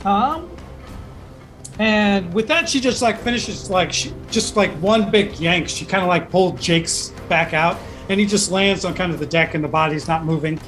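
A game master narrating a tabletop pirate game in a halting way, with many fillers. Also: medium pitch, fairly bright tone, faint music behind.

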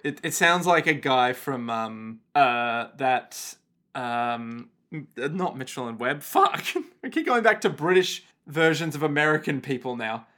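A man's voice: medium pitch, expressive, measured pace, pushed and bright. A man co-hosting a casual podcast, rambling and swearing, laughing often and groping for words. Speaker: podcast co-host. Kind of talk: casual chat.

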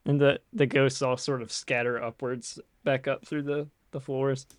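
A man narrating a tabletop game as game master, in a relaxed, halting way with fillers. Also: medium pitch, smooth, no room sound, studio quality.

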